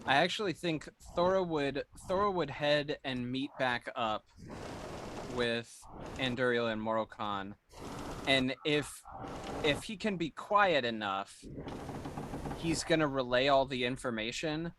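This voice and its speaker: A man's voice: medium pitch, measured pace. A man player in a tabletop game, speaking casually and hesitantly, often restarting. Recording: noisy recording.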